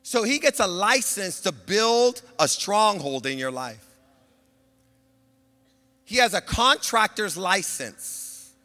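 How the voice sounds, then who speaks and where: A male pastor delivering a sermon, who swings between shouting exhortation and soft, low confiding talk. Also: expressive, slow pace, pauses often. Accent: Southern Californian. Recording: long church-hall reverb.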